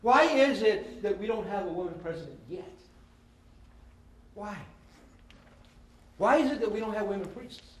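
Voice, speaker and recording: A man, giving a lively storytelling talk to students as a guest speaker and slipping in Spanish phrases. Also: high-pitched, normal speed, pauses often. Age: 50s. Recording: echoey hall with faint ambience.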